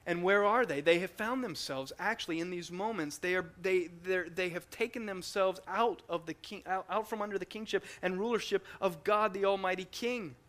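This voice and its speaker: High-voiced man preaching emphatically. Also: moderate pace, few pauses. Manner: emphatic, repeats words, animated. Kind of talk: sermon teaching.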